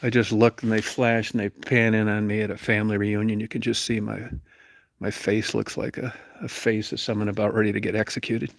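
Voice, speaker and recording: A man's voice: fairly low pitch, flat delivery, a little fast, vocal fry. A middle-aged man telling a crude, rambling, profane story and acting out the people in it. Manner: profane, rambling, acts out quoted voices.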